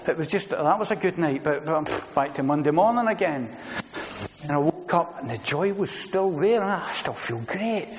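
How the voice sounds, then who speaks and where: A middle-aged man preaching a sermon, earnest, building to loud emphatic declarations with repeated phrases. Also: fairly high pitch, lively intonation, moderate pace, a little hiss or hum. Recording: long reverb of a church hall.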